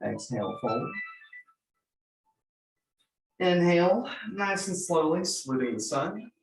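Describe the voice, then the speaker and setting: A man in his thirties leading a gentle yoga class, giving calm cues for breath and movement with light joking asides. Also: high voice, slow pace, soft background music. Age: 30s. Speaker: yoga instructor. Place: church room. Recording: roomy, from far off the mic.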